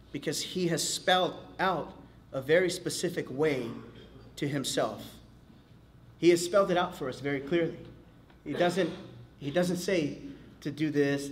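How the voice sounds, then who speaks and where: Brief: male pastor, casual animated teacher, slightly high-pitched, loose conversational delivery. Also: measured pace, a little hiss or hum. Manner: animated, casual, acts out quotes, many fillers. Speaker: pastor leading a men's Bible study.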